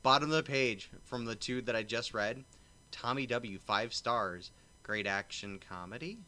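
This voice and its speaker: A man's voice: medium pitch, a little slow, bright, forceful tone. A man hosting a drinking-game stream, teasing his co-hosts and reading movie reviews aloud. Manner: laughs often, teasing, exclaims. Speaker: stream host.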